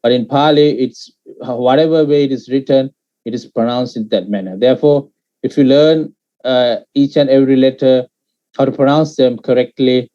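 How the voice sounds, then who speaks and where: A man teaching Pali in an online class, patiently explaining pronunciation and sounding out syllables with many pauses and fillers. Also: mid-range voice, fairly even intonation, mellow, lo-fi sound.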